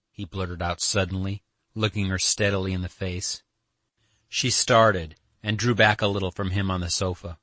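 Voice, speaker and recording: A man narrating a classic novel as an audiobook, in a measured storytelling manner, recorded close to the mic. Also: deep voice, flat delivery, a bit bright, dry recording. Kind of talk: scripted narration.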